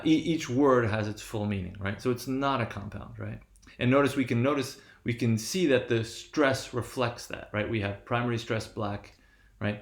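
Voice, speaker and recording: A man's voice: medium pitch, echoey room. A man giving a lecture, explaining step by step and often checking in with "right?". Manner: frequent "right?" checks, restarts. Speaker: linguistics lecturer.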